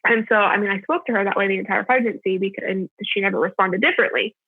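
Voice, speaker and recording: A woman's voice: mid-range voice, quick pace, breathy edge, no echo. Chatty young woman on a tinny line. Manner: chatty, full of "like" fillers. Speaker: podcast guest. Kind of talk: casual storytelling. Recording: tinny phone-line audio, dry.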